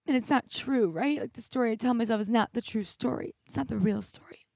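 Solo podcast host, young woman, teary, candid, slightly high voice with fry, dry close mic. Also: fairly quick, darkish tone, no echo. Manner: candid, reflective, heavy use of "like". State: teary, crying at times. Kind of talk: emotional solo podcast monologue. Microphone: studio mic with headphones.

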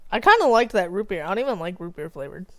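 A woman's voice: medium pitch, big pitch swings, rapid-fire, fairly bright tone, no room sound. A woman co-hosting a casual chat, complaining animatedly about a snack with frequent laughs. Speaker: podcast co-host.

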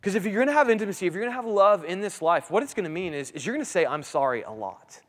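A man's voice: high voice, expressive, racing, fairly bright tone. Man preaching in a reverberant hall. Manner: conversational preaching, frequent self-restarts, asks listeners "right?". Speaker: pastor. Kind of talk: sermon.

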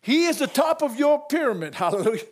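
A man preaching a sermon to his church, calling out to the congregation, laughing and shouting with exuberance. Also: extremely high pitch, big pitch swings, quick pace. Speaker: pastor.

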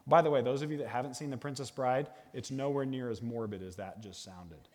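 A middle-aged man giving a guest sermon in a church, animated and jokey, talking to a live audience. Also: mid-range voice, brisk. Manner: animated, jokey, bursts into sung movie lines. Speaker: guest speaker. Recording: long hall reverb.

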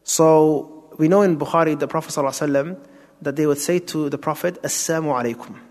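Speaking at a quick pace with fairly even intonation, a man with a slightly high, darkish voice teaches Quran tafsir as an Islamic teacher. He breaks things down step by step, asks rhetorical questions and drops in Arabic terms; a long hall reverb colors the sound.

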